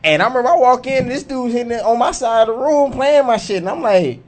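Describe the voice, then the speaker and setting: A man co-hosting a radio talk show, telling a relaxed story and acting out the dialogue with laughs. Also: very high-pitched, fast talker. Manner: laid-back, laughs often, acts out dialogue. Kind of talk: casual group chat, storytelling.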